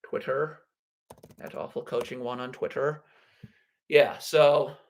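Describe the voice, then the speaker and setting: A man's voice: medium pitch, steady tone, slow pace, a little hiss or hum. A man hosting a live basketball draft reaction stream, blunt and sarcastic as he rants. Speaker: basketball livestream host.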